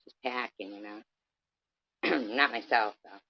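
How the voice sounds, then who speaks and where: A woman's voice: extremely low pitch, measured pace, lo-fi sound. A woman delivering a confrontational, profane rant straight at someone on her livestream, sometimes mocking them. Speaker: vlogger.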